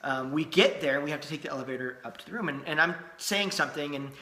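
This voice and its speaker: High, bright-voiced man telling a story. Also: fast, echoey room. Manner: animated, laughing often, many restarts. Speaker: podcast co-host. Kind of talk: casual storytelling chat.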